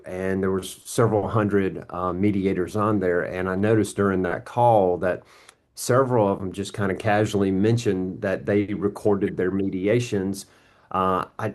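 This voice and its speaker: Deep-voiced male mediator, measured. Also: a little mellow. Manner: measured, thoughtful, hesitant fillers. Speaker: mediator and attorney. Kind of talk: panel discussion.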